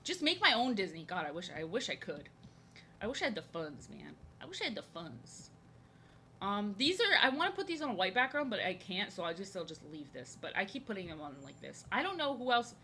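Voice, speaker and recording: Young woman from new jersey, bright sharp voice, rambly chatty livestream drawing talk, kinda crude. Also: medium pitch, very animated, brisk, a little hiss or hum. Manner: rambling and chatty, with many fillers and restarts; frank and playfully crude. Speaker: streamer and artist. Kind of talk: casual chat while drawing on stream.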